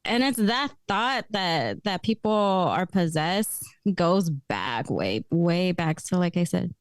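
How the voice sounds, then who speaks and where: Lively woman guest, dry close sound. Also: fairly low pitch, slow, no echo. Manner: lively storyteller, laughs often. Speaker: podcast guest. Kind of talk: casual chat.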